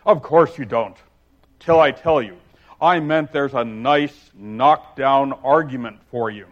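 A proud, scornful storybook egg who booms every word with lordly emphasis, as a preacher reads him aloud. The voice sits at a middling pitch. The recording is muffled and lo-fi. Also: male voice, measured pace, natural voice. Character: pompous, scornful talking egg, male. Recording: dull lo-fi recording.

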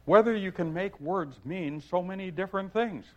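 A man voicing a polite, puzzled young girl in a soft, lifted voice. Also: sits high, moderate pace, pitched above the performer's own voice, close to an everyday voice. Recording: dull lo-fi recording.

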